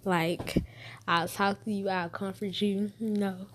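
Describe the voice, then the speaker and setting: A woman's voice: medium pitch, little pitch movement, takes it slowly, background noise. A woman in her twenties telling a personal story to the camera, heartfelt and emotional, repeating herself as she holds back tears. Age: 20s.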